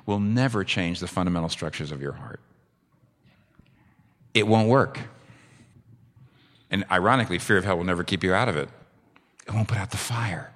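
A man's voice: lowish voice, bright, forceful tone. A man preaching a sermon with passion, his voice climbing sharply when he drives a point home. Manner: impassioned, rises sharply for emphasis. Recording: long reverb of a large hall.

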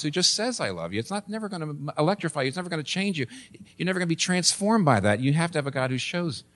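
A man preaching a sermon as pastor, emphatic, repeating phrases and asking rhetorical questions. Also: medium pitch. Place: church.

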